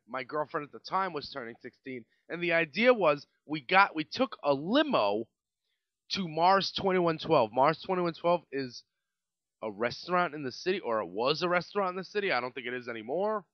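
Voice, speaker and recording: A man in his late twenties with a New York accent, hosting a podcast and telling a rambling, profane story in a casual, animated way. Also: a little high, dry recording, lo-fi sound. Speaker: podcast host.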